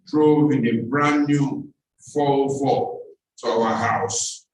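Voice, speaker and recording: A man's voice: mid-range voice, slight background noise. A man with a Nigerian accent giving a seminar talk, telling a story with emphatic repetition. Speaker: seminar speaker. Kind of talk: storytelling speech. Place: seminar hall. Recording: echoey hall, speaker far from mic.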